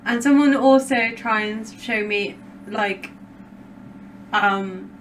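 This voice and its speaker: A woman co-hosting a casual film podcast, chatty and quick to laugh, with lots of "like". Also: a little high, recorded from a distance, a little hiss or hum, poor audio. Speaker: podcast co-host. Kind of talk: casual chat.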